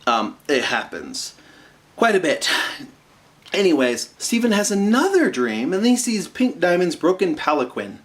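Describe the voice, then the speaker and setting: A man casually recapping a cartoon episode, rambling with asides and fillers and slipping into quick impressions of the characters. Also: high-pitched, big pitch swings. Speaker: episode reviewer.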